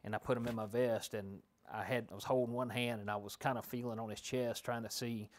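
A man's voice: mid-range voice, steady tone, brisk. A man, a law enforcement officer, giving a detailed, rambling account with fillers in a documentary interview.

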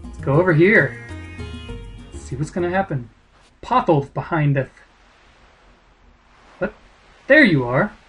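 A man commentates a video game casually, cracking jokes and playfully mangling names. His voice sits a touch high, his pace is slow and unhurried, and faint game music plays behind him. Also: very animated, a bit bright, breathy edge. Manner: joking asides, playful mispronunciations. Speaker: let's play host.

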